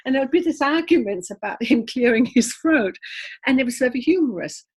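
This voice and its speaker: A middle-aged woman, a medium, telling lively anecdotes in a casual interview and laughing often. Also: high-pitched, a little fast, slightly rough. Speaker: medium, guest.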